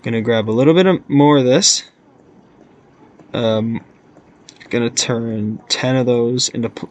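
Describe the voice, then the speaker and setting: A young man casually narrating his game as host, rambling and goofy, often cutting himself off. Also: medium pitch. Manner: rambling, goofy, self-interrupting. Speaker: gaming channel host. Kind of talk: casual let's-play commentary.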